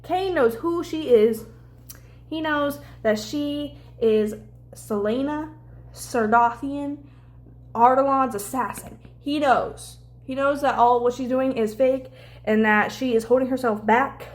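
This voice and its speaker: Young female book vlogger, high-ish voice, animated, cursing, casual recap. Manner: animated, swears a lot, acts out scenes with quick voices. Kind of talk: casual chat.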